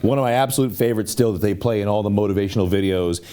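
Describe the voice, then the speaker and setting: A man hosting a talk show, telling stories casually with animated acted-out quotes. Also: on the low side, racing. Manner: animated storyteller who acts out quotes. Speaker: show host.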